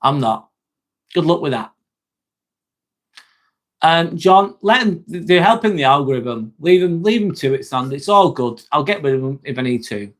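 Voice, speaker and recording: Man, slightly high voice, casual livestream host, jokey, swears, answering viewer chat. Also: expressive, normal speed, long pauses, fairly bright tone. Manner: chatty, jokey, swears, talks straight to viewers. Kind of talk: casual live-stream chat.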